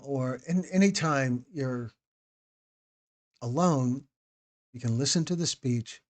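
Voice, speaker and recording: After a documentary premiere, a man hosts a live stream and speaks casually to his audience. He calls chat participants by name, repeats himself and restarts phrases as he goes. His voice sits at an ordinary middle pitch.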